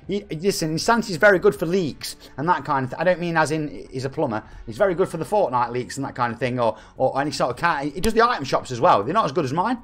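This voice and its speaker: Lively, chatty man in his forties. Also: on the high side, fast, few pauses. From England. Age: 40s. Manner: chatty, jokey, reads out viewer messages. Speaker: game streamer. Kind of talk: live-stream chat with viewers.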